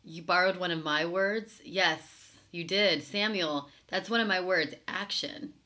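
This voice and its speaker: A woman hosts a live stream in a casual, chatty voice that sits a little low. She reads viewer comments aloud and answers them with sarcastic asides. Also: unhurried, pushed and bright. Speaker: talk show host reading live chat.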